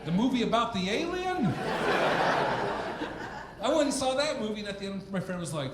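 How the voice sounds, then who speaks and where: A man doing a stand-up comedy set on stage, animated and mock-indignant, acting out quick exchanges in quoted voices. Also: sits high, background noise. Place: comedy club stage with a laughing audience. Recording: roomy club sound with loud audience laughter. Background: audience laughter.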